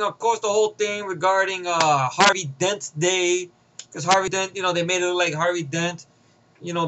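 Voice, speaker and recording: A man giving a rambling, profane rant of a movie review, swinging between loud outbursts and mutters. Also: high-pitched, a little hiss or hum, poor audio.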